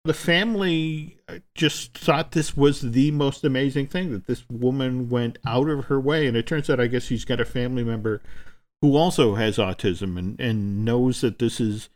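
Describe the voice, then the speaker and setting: A man co-hosting a chat show, telling a story at length in a halting, conversational way with many restarts. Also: medium pitch. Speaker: podcast co-host. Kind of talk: casual chat.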